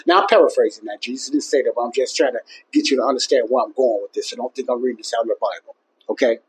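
A man's voice: mid-range voice, steady tone, rapid-fire, breathy edge, low-quality recording. A man teaching the Bible in an informal, emphatic way, often repeating himself and restarting his phrases. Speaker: Bible teacher and podcast host.

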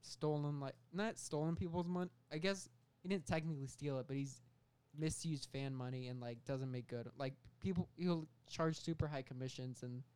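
A young man co-hosting a casual comedy podcast, telling a made-up film plot with lots of fillers and quick bursts of silly voices. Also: fairly high pitch, steady tone, a little mellow, clean tone. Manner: rambling storytelling with many fillers and quick bursts of put-on voices. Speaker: podcast co-host pitching a film idea.

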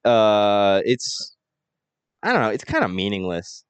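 A man talking casually on a podcast in a lowish voice. He stops and restarts as he works through a thought. The sound is dry, with no room around it. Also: big pitch swings, clear, resonant tone, no echo. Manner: halting, repeats words while thinking. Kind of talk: casual chat.

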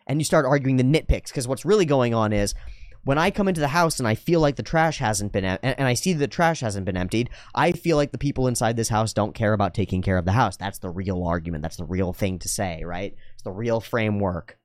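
A man's voice: on the low side, expressive, fairly quick, no echo. A man hosting his channel in a casual, reflective monologue, earnest and rambling, correcting himself as he goes. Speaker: channel host.

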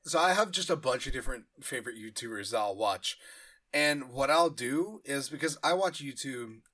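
A man from Kentucky talks on a podcast in a bright, ringing voice. His pitch swings widely as he jokes about himself. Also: lively intonation, moderate pace. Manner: jokey, self-deprecating. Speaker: podcast co-host. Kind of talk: casual chat.

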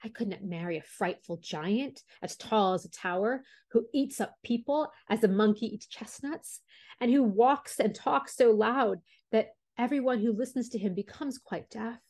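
A woman's voice: on the high side, moderate pace, a little mellow. A woman voicing a proud young princess in a storybook reading, speaking in an imperious, demanding way. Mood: haughty.

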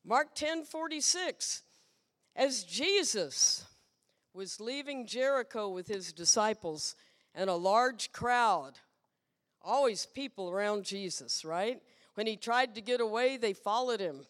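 A woman guest preacher giving a lively, playful sermon and asking the congregation questions. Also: fairly high pitch, slow, in a large hall. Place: church sanctuary.

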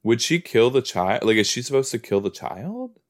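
A man casually reacting to a TV episode as a podcast host, rambling and excitable, often cutting himself off mid-thought. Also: medium pitch, normal speed. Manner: rambling, excitable, self-interrupting.

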